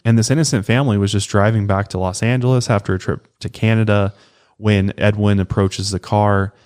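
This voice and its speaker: A man with a deep, low voice narrates a true-crime case in a relaxed, conversational way. He co-hosts a podcast and drops the odd swear word as he tells the story. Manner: relaxed, swears casually, acts out quotes. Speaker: podcast co-host.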